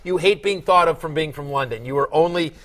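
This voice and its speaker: A male host with a slightly higher voice talks fantasy sports advice in a casual podcast. He jokes and teases his co-host and keeps his delivery lively. He often restarts his sentences while he builds his point. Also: brisk. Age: older than co-host. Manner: joking, animated, teasing.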